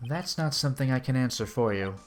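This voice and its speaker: A composed, stern prosecutor lays out his point in a measured, lecturing tone, as a man reads him aloud. He stays level and unhurried throughout. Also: medium pitch, expressive, soft background music, close to an everyday voice.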